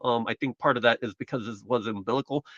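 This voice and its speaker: A man's voice: medium pitch, fast, no room sound, muffled recording. A man from the United States hosting a casual live stream, chatting in a rambling, self-correcting way while recovering from surgery. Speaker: livestream host.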